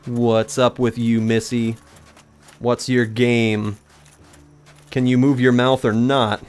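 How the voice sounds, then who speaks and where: A man's voice: medium pitch, slow pace. A young man narrating a rambling personal story while talking back to the video game he is playing. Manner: rambling, animated, talks to the game mid-story. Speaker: gaming YouTuber. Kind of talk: let's play commentary with storytelling.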